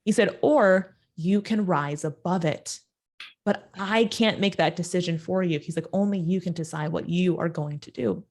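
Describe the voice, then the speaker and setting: A woman guest in an interview telling a personal story, acting out the quoted voices with sudden jumps in pitch. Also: normal speed, a little mellow.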